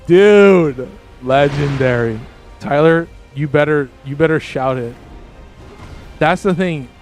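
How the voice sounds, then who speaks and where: Male gaming streamer with a slightly high voice, loose and rambling, who chats with viewers and keeps jumping up in pitch when excited. Faint game music underneath. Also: slow pace. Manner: rambling, with frequent restarts and sudden excited jumps in pitch. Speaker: livestreamer. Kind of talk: casual livestream chat with viewers while gaming.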